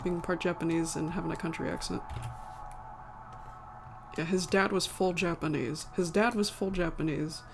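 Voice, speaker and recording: Her voice sits lowish, with fairly even intonation, some vocal fry and long pauses, delivered at a moderate pace. A woman with a slight country accent from America rambles to her live-stream audience, self-correcting and chuckling. Music plays faintly underneath.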